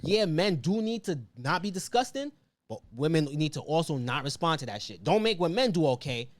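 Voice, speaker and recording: A man hosting a podcast who argues his point in a casual, slang-heavy way. His voice runs somewhat high, recorded dry and close. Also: very animated, fairly quick, no room sound. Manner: laid-back, argumentative, slangy. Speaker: podcast host. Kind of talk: casual opinionated chat.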